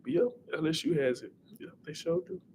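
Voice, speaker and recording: A young man hosting a casual livestream, thinking aloud through quiz answers and talking back to his chat in an excitable way. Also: a little high, a little fast, slight background noise. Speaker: livestream host.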